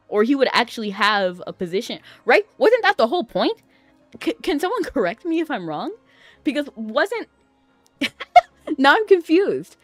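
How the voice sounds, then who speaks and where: Woman game streamer, casual excitable chatter, dry close mic, faint game music behind. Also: fairly high pitch, dry recording. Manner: chatty, excitable, laughs often. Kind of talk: casual gameplay commentary.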